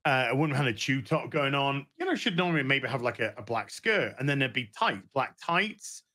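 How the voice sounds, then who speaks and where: A middle-aged man who is a podcast guest, chatting casually with a halting, start-and-stop delivery. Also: medium pitch, sing-song, pushed and bright. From United Kingdom. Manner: halting, many restarts and fillers. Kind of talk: casual chat.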